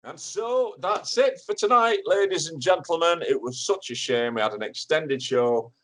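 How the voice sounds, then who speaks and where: An actor playing an excitable, rambling male radio talk show host in a comedy sketch, speaking from a radio studio. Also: a little high, normal speed, a little hiss or hum, rough recording. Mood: deflated.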